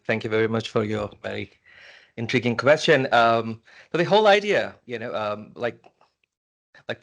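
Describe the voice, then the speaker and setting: A man's voice: medium pitch, a bit bright. A man answering a question at an academic conference, full of fillers and restarts. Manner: hesitant, many restarts and fillers. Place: university lecture room.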